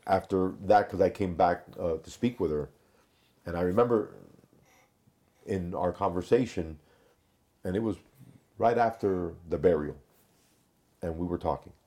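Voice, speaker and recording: A man who worked as an investigator, calmly telling stories from his cases in a conversation. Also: sits low. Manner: measured, recounts cases with quoted dialogue. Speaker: former homicide investigator. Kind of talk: conversational storytelling.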